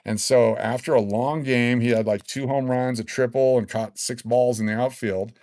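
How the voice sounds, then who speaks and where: Man in his sixties, livestream host, rambling and excitable, mid-pitched, dry close sound. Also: normal speed, no echo. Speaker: livestream host giving away collectible cards. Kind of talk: casual live-stream chat.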